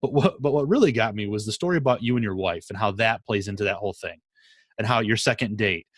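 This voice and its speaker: A man's voice: lowish voice, fast, a bit bright, no room sound, studio quality. A man from Michigan hosting a podcast interview, laughing often and keeping it friendly. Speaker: podcast host. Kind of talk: casual interview chat.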